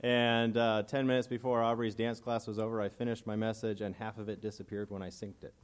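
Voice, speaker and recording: A man's voice: fairly low pitch, little pitch movement, brisk, smooth. A man preaching a casual, earnest and emotional sermon, reading scripture aloud and commenting between passages.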